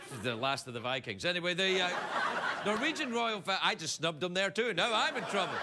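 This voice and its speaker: Lively, high-voiced late-night comedy host. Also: male voice, fairly quick, over a noisy crowd. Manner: playful, self-mocking, with sudden put-on voices. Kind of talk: comedy monologue. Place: TV studio with live audience. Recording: studio audience laughter and noise.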